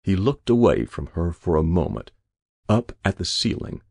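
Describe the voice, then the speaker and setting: A man's voice: low-pitched, big pitch swings, moderate pace, vocal fry, darkish tone, husky, no echo, clean studio sound. A man reading a story aloud, narrating expressively. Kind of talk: audiobook reading.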